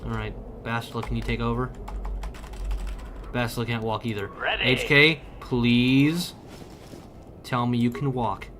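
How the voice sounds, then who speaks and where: Young man, game streamer, casual profane banter, mid-pitched voice, faint noise behind. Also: fairly even intonation, measured pace, long pauses. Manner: loud, profane, joking banter with chat. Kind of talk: casual livestream chat while gaming.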